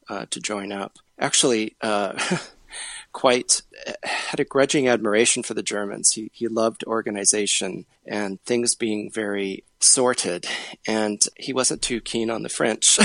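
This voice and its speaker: A man's voice: fairly low pitch, gravelly, a bit bright, no room sound. A man, an author, talking as a podcast guest, hesitant with frequent uhs and restarts. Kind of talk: interview conversation.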